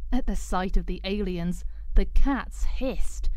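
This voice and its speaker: Slow, gentle woman reading a children's story. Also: medium pitch, dry recording.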